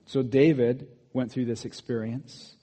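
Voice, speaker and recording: Animated man preaching in a reverberant hall. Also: medium pitch, unhurried, slightly rough. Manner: animated, shifts between loud emphatic bursts and quiet asides. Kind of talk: sermon.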